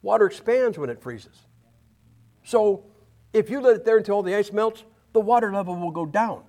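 A man's voice: sits high, lively intonation, normal speed, darkish tone. A man preaching a folksy, rambling sermon, full of restarts and asides.

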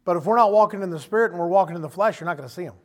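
A man preaching a sermon in a conversational, animated way, acting out quotes as he goes. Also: high-pitched, very fast.

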